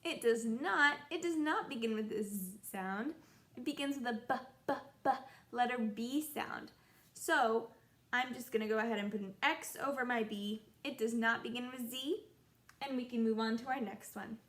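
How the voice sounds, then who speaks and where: A young woman teaching a children's phonics lesson, sounding out letters in a slow, encouraging sing-song way. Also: a little high, a bit bright. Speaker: kindergarten teacher.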